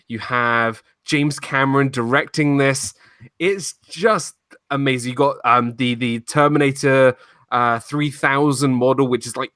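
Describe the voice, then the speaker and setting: A man's voice: medium pitch, sharp tone, dry recording. Enthusiastic American man, dry sound. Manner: enthusiastic, gushing. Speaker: podcast co-host. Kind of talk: casual movie chat.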